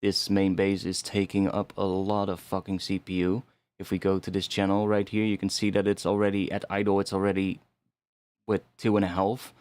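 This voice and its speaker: A man's voice: sits low, monotone, normal speed, darkish tone, no room sound. A young man casually talking through his music production on a live stream, rambling and restarting his sentences as he thinks aloud, with some mild swearing.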